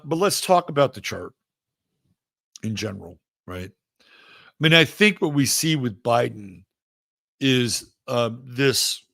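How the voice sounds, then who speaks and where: A man's voice: medium pitch, vocal fry, fairly bright tone, dry recording. A man hosting a live astrology show, talking casually and emphatically with rambling asides. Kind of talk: casual live-stream commentary.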